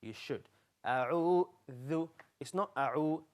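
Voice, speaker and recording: Young male kids' TV teacher: lively, coaxing, slow exaggerated drills for children. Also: fairly high pitch. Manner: lively, coaxing, speaks directly to kids. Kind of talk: live children's TV lesson.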